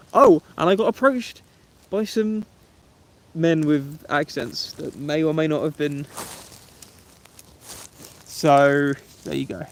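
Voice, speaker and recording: A young man, chatting casually on a camping livestream and answering viewers' comments in a laid-back way, calling them mate and bro. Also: a little high. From England. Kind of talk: casual live-stream chat reading comments.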